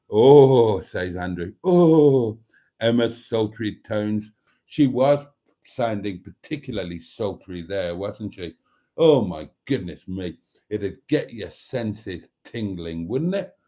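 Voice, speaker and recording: A man's voice: fairly low pitch, very animated, a little slow, darkish tone. A man hosting a casual live stream from home, reading viewer comments aloud in a chatty, cheeky, rambling way into a phone. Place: home, indoors.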